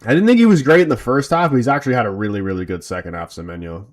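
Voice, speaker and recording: Male fan streamer, tired, casual chat plus play-by-play calls, slangy and relaxed. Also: mid-range voice, rapid-fire. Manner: loose, chatty, slangy. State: tired from little sleep. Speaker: fan watch-along streamer.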